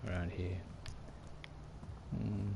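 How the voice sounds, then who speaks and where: A man playing a video game, talking quietly to himself and thinking aloud between moves. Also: sits low, little pitch movement, extremely slow, gravelly. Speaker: gamer. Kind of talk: let's play commentary. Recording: noisy home recording.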